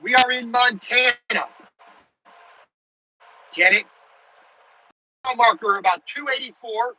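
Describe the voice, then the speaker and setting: A man's voice: very high voice, measured pace, sharp tone, highs cut off. A truck driver talking casually to his viewers while driving his truck, in a chatty, rambling way. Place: truck cab on the highway.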